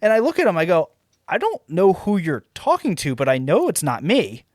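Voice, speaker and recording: A young man co-hosting a podcast, telling a story in casual chat, animated and swearing as he acts out quotes. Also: high-pitched, moderate pace, no room sound, clean studio sound. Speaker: podcast co-host.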